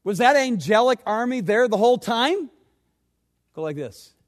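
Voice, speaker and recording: Preacher man swinging loud to hushed. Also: animated, normal speed. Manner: dramatic swings between loud urgent questions and hushed low asides. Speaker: pastor. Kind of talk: sermon.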